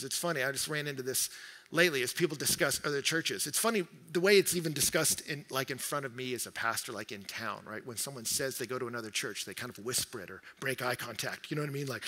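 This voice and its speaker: A male pastor preaches with a very bright, forceful voice that sits a little high for a man. He delivers the sermon in an animated way, acting out quick quoted voices. His voice rings with the long reverb of a large church hall. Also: creaky.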